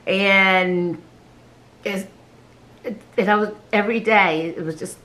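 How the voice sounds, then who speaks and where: A woman, a mother, telling a personal story to camera in a halting, emotional way, often repeating her words and laughing between phrases. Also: medium pitch, steady tone, bright, forceful tone. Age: adult with children. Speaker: vlogger sharing a personal story.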